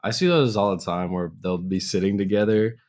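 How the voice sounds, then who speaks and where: A man's voice: sits low, fairly quick, a little mellow. A young man co-hosting a podcast, joking and teasing in casual chat and laughing often. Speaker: podcast co-host.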